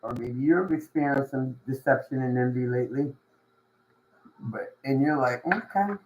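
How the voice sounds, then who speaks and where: A woman giving a casual tarot reading to camera. She talks in a slangy, drawn-out way, swears, and laughs often between thoughts. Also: extremely low pitch, fairly even intonation, a little mellow, dull audio, a little hiss or hum. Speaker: tarot reader.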